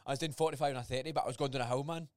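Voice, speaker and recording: A young man with a Scottish accent, co-hosting a podcast in an animated, sweary way. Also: medium pitch, very fast, no echo, clean studio sound. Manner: animated, sweary, repeats words. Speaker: podcast co-host. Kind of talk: casual chat.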